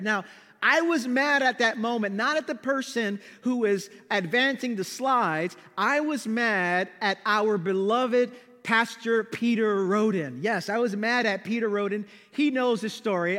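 High-pitched pastor guy telling a funny story in a sermon, lots of reverb. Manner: storytelling, animated, self-deprecating.

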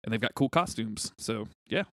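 A man co-hosting a casual comic book podcast, animated and profane, quick to laugh as he recaps the story. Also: fairly low pitch, dry recording, clean studio sound. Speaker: podcast co-host.

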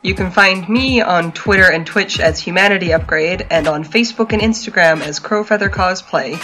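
A woman's voice: lowish voice, normal speed, pushed and bright, faint music behind. A woman, co-hosting a podcast, giving dry short replies and reading the show's outro plugs. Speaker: podcast co-host. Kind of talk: casual chat and show sign-off.

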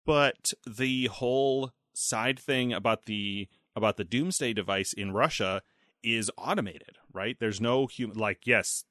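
A man in casual podcast conversation about a film, lively and acting out lines from scenes. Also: fairly low pitch, dry recording, clean studio sound. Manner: animated, acts out movie lines in quick voices.

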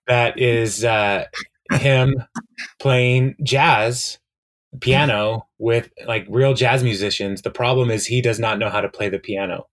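A man's voice: medium pitch, fairly even intonation, slow pace, fairly bright tone. A man co-hosting a podcast, casually recapping a TV episode in a rambling way, with lots of fillers and frequent laughs. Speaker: podcast co-host.

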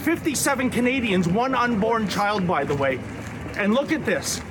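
Man, high voice, indignant, outdoor street noise, field reporter. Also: animated. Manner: indignant, rapid protesting. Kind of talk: live reporting during an arrest. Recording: noisy outdoor field recording.

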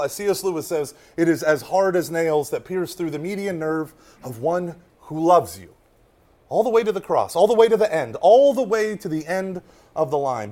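A man giving a lively faith talk to a room of listeners, swinging from loud emphasis to hushed asides and often checking in with "right?". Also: high-pitched. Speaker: Catholic speaker.

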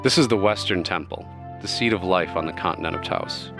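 A man voicing a calm, solemn female goddess of life who speaks slowly and in a measured way. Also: sits low, over music.

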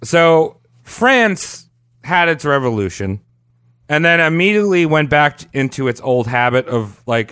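A man's voice: fairly high pitch, sing-song, a little slow, a bit bright, smooth, no room sound, studio quality. Man casually explaining history. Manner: explains at length, crude jokes, laughs often. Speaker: podcast co-host explaining history. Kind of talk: casual comedic history chat.

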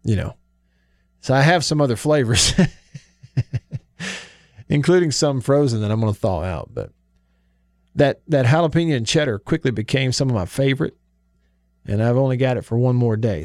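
A man hosting a sports radio show, chatting in a folksy, easygoing way with drawn-out emphasis. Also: mid-range voice, expressive, darkish tone, dry recording, studio quality. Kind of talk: casual sports talk radio. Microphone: studio microphone.

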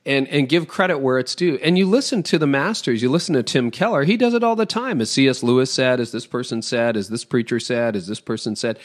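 A middle-aged man from Toronto, a pastor talking on a podcast in an animated, emphatic way, giving practical advice in quick lists. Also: mid-range voice. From Toronto, Canada. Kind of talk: conversational podcast interview.

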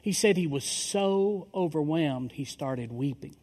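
A middle-aged man preaches from the pulpit, spinning a story and voicing each person in it. His voice sits a little high for a man. The sound carries the long echo of a big church hall. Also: unhurried. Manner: animated storyteller acting out quoted dialogue. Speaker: pastor. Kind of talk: sermon storytelling. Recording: long reverb of a large hall.

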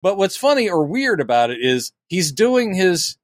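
Podcast co-host, man, animated storyteller who acts out lines, dry close mic. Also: high-pitched, moderate pace, no room sound. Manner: animated storytelling, acting out quotes. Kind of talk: casual chat.

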